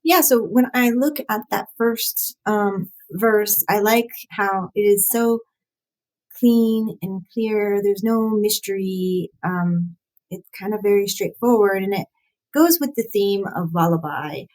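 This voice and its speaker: A woman's voice: mid-range voice, slow pace, darkish tone, low-quality recording. A woman hosting a casual live-stream, analysing song lyrics while thinking aloud, with frequent fillers, restarts and light laughs at herself.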